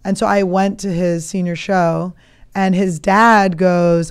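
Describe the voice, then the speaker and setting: Wanita pelawak blak-blakan, suara jernih. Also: female voice, lowish voice, steady tone, takes it slowly, clear, resonant tone. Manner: blunt, profane, storytelling. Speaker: podcast host. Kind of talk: casual comedic chat.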